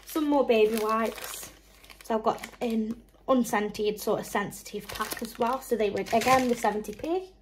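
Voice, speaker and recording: A young woman talks through a shopping haul at home in a casual, rambling way. Her voice sits a touch high, with faint noise behind it. She lists prices one after another and drops in small laughs. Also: normal speed. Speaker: mum and vlogger.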